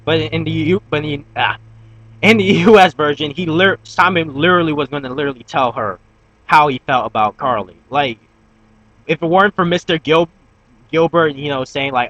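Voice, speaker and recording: A young man gives a casual, rambling review of a TV episode on YouTube in a slightly high, somewhat bright voice at a normal pace. His talk is full of fillers and restarts, and he swears when he gets worked up. The recording has no room sound but the audio quality is poor.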